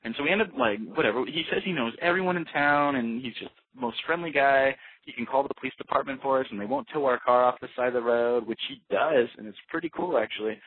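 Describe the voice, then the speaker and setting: A man's voice: fairly low pitch, breathy edge, dry recording. A young man telling a road-trip story casually, rambling with lots of fillers and restarts. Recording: tinny phone-like dry sound.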